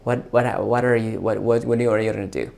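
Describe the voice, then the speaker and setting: A man hosting a tech video, talking informally and eagerly, often halting and repeating words as he chats with an AI assistant and his viewers. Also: lowish voice, steady tone, gravelly, a little mellow. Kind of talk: casual talk to an AI voice assistant and to viewers.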